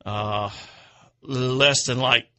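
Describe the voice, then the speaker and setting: Guy hosting a fishing radio show, real bright voice, just rambling along, laughs at his own stories. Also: medium pitch, fairly even intonation, very slow, a little hiss or hum. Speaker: outdoors radio show host. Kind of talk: casual radio chat.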